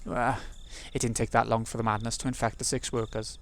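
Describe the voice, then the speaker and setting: A man's voice: mid-range voice, little pitch movement, brisk, gravelly. Man reading a visual novel aloud. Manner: reads narration steadily, muttering asides to himself between passages. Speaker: let's play host.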